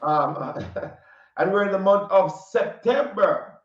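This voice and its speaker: A man with a Caribbean accent hosting a casual interview, animated, often laughing and repeating his questions. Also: high voice, slow pace. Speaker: interview host. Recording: distant, roomy, dull audio.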